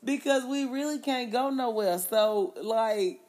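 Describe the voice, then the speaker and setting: A young woman co-hosting a casual podcast, telling stories loudly with lots of laughter and profanity. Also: a little high, unhurried, hardly any pauses. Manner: loud, laughing, profane storytelling. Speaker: podcast co-host. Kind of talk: casual chat.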